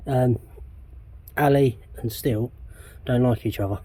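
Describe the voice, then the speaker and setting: An English man vlogs casually outdoors while customizing his van himself, rambling and swearing often in a laid-back way. His voice is medium-pitched, slow and warm.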